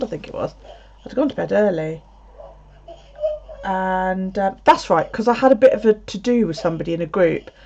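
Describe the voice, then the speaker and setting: A woman's voice: mid-range voice, a little mellow. A woman streaming from home, chatting casually and telling a story with plenty of swearing. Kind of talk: casual livestream chat. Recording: slightly dull lo-fi audio.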